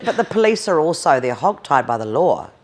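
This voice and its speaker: Gravelly kiwi woman in her 50s, blunt and sweary, voice jumps all over the place. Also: deep voice, sing-song, fairly quick. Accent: New Zealand. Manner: blunt, emphatic, swears freely. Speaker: interviewee, domestic violence advocate. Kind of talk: candid conversational interview.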